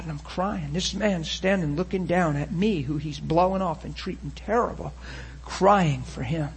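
A man preaching a sermon testimony, telling a story with emotion and swinging from loud bursts to hushed passages. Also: a little high, moderate pace, gravelly, slightly rough.

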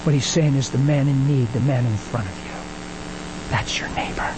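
A man preaching a sermon, telling stories and acting out the dialogue with animated energy. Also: moderate pace, very noisy. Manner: animated, acts out dialogue, rises in pitch when excited. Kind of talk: sermon with storytelling.

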